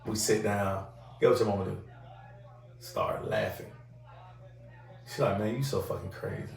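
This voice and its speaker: Male host, animated profane storyteller doing voices; roomy room, mic set back. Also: on the low side, normal speed, gravelly. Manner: animated storyteller acting out other people's voices, heavy profanity. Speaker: podcast host. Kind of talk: casual storytelling chat. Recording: roomy sound from a distant mic.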